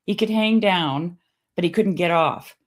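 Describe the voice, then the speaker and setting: A middle-aged woman with a somewhat low voice tells stories in easy, casual conversation. Her delivery is animated, with laughter slipping in and quotes acted out in a changing pitch. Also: unhurried. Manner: animated, laughing storyteller who acts out quotes in a varied pitch. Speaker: guest.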